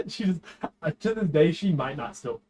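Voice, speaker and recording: A man's voice: fairly high pitch, animated, unhurried, crowd noise, low-quality recording. A young man chatting casually while gaming, telling stories in a laid-back way, swearing and giggling.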